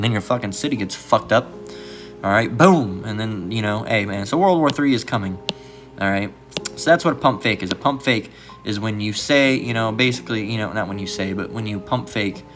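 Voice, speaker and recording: Male host, low register, casual rambling commentary, heavy on fillers, guitar music bed under the voice. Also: brisk. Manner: rambling, fills with "all right" and "you know"; mimics others in a raised mocking voice. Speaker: channel host. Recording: music playing behind the voice.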